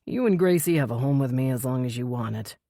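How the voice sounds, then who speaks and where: A woman voicing a grieving but brisk male TV news boss, speaking in a clipped, earnest way. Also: mid-range voice, expressive, warm tone, no echo, studio quality, close to an everyday voice.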